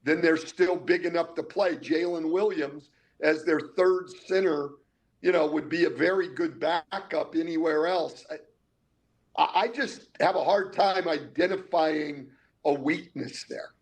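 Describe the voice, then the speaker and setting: Older male basketball analyst with a higher-pitched voice, analytical, stumbles on repeated words. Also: a little slow. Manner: analytical, repeats words when starting a thought. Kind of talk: casual sports talk.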